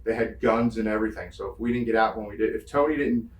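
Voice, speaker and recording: A man's voice: fairly low pitch, fast, distant mic, slight background noise. A man from the Northeastern United States, a guest in an interview, telling road stories casually, acting out quotes and swearing freely. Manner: animated storyteller, acts out quotes, swears freely. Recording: roomy sound from off-mic.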